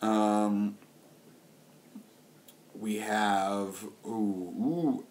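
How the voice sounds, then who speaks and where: A man's voice: lowish voice, extremely slow, a little mellow. A man rambling on camera in a loose, crude comedic riff. He keeps restarting his sentences and drifts from one absurd idea to the next, playing with silly rhyming words. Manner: meandering, restarts often, riffs on silly wordplay. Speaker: vlogger.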